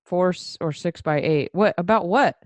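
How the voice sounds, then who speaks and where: A woman's voice: on the low side, moderate pace, no room sound. A young woman co-hosting a podcast, teasing her friend with laughing banter in casual chat. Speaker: podcast co-host.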